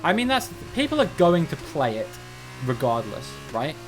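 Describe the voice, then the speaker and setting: A man's voice: on the high side, huge pitch swings, moderate pace, noisy background. A man from Cornwall with a general Southern English accent, chatting casually on a game livestream and musing aloud with frequent restarts. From Cornwall, England. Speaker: game streamer.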